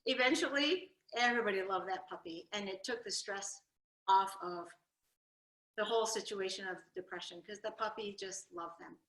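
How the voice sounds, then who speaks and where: A woman telling her family's history at a library talk, lively and animated, acting out her grandfather's jokes. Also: mid-range voice, moderate pace. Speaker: storyteller giving a library talk. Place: library event room. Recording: echoey room.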